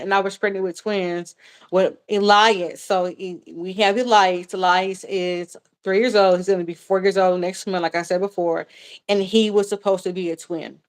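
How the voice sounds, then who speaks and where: A woman in her thirties chats candidly through a live viewer Q&A in a mid-pitched voice. She rambles, circles back and repeats herself. Her talk is full of fillers and the odd curse word. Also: clean tone. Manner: candid and chatty, with frequent fillers and swearing. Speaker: vlogger answering viewer questions. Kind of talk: casual live Q&A chat.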